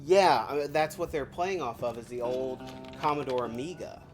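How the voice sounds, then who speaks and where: A woman's voice: rumbling low, normal speed, music in the background. A woman from Virginia streaming a video game, talking through it casually and joking at her own expense as she thinks aloud. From Virginia, USA. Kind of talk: casual gameplay commentary.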